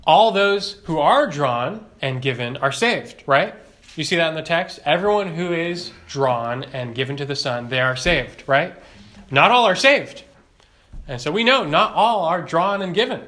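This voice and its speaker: A man's voice: on the high side, animated, measured pace, fairly bright tone. Emphatic man teaching a Bible lesson. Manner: emphatic, asks rhetorical questions, repeats key phrases.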